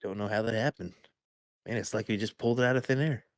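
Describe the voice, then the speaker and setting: A man's voice: fairly low pitch, fast talker, no room sound, studio quality. A man co-commentating live darts in a laid-back, laughing way, calling his partner bud.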